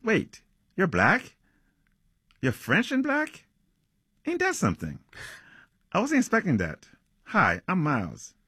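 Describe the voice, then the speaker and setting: An author reading aloud, raising his voice high to play a brash, slangy young male jazz trumpeter who teases his new roommate. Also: huge pitch swings, slow pace, long pauses, bright, forceful tone, husky, no room sound, clean studio sound, full character voice. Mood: teasing. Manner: teasing, slangy, high-pitched put-on voice.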